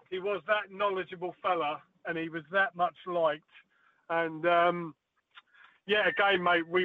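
A man, a former darts player, telling stories as a guest on a phone-in radio interview, with many fillers and restarts. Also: sits high. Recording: tinny phone line, dry.

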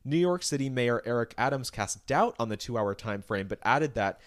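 A man's voice: medium pitch, animated, moderate pace. A man co-hosting a casual celebrity news podcast, asking incredulous, sarcastic questions and reading news excerpts aloud with asides. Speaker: podcast co-host.

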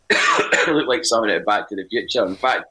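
A Scottish man with a very deep, low-pitched voice chats on a podcast. He tells long, wandering stories full of fillers and small restarts, in a relaxed conversational way. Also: a little fast, slightly rough, poor audio. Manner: rambling anecdotal storytelling with many fillers. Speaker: podcast co-host and music writer. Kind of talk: casual podcast chat.

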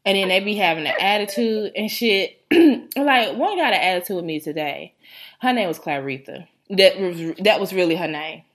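Animated woman hosting a casual chat. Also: medium pitch, moderate pace. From Rochester, New York. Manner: animated storytelling with big laughs, joking put-on New York slang. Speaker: podcast host.

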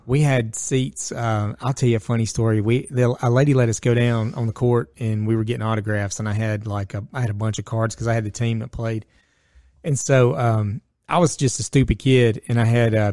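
A middle-aged man, co-hosting a casual sports chat and telling stories in a lively, slangy way. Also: medium pitch, dry recording, studio quality. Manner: animated storyteller, slangy, acts out voices. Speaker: podcast co-host.

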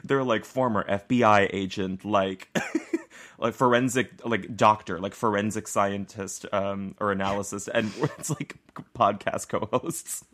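A man's voice: fairly low pitch, unhurried. Chatty young man co-hosting a podcast. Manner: chatty, laughs often, animated asides. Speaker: podcast co-host. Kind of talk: casual chat.

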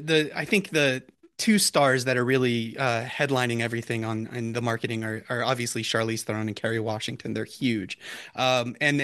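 A man's voice: medium pitch, a bit bright. A man hosting a podcast puts casual questions to a director. His delivery is conversational and loose, and he often starts his phrases over. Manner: conversational, stumbling restarts. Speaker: podcast host, interviewer.

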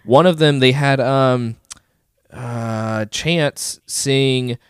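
A man's voice: medium pitch, drawn-out words, smooth, no room sound, clean studio sound. A man co-hosting a podcast in casual chat, joking and teasing. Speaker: podcast co-host.

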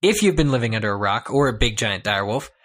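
A man co-hosting a podcast, chatting in an easygoing way. His pitch sits in an everyday middle range, and he chuckles as he talks. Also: animated, fast talker, fairly bright tone. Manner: laid-back, frequent fillers, chuckling. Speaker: podcast co-host. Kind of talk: casual podcast chat.

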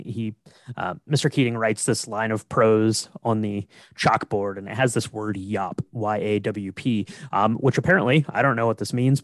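A man co-hosting a podcast, recapping a film in a relaxed, rambling way with lots of fillers. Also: fairly low pitch, no echo, clean studio sound. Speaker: podcast co-host. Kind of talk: casual film discussion.

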